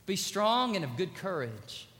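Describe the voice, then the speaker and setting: A pastor preaching a sermon in a large church, quoting scripture with a preacher's rising cadence. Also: male voice, sits high, big pitch swings, measured pace, sharp tone. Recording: church reverb.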